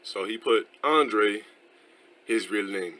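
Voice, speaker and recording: Bright-voiced, casual male streamer. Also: on the low side, slow. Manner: casual, profane, laughing asides.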